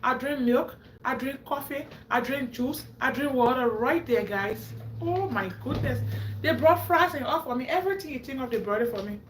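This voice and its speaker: High-voiced woman telling stories live. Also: moderate pace, roomy sound, slight background noise. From Africa. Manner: laughs often, acts out quotes with a rising voice. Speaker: livestream host. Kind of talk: animated storytelling to a live audience.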